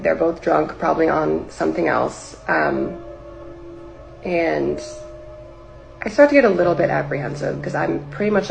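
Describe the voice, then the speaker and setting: Woman, slightly low, gravelly voice; loose, rambling storyteller full of "like", with faint music underneath. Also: poor audio. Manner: rambling, heavy use of filler "like", acts out her own past lines. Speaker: singer telling a personal story.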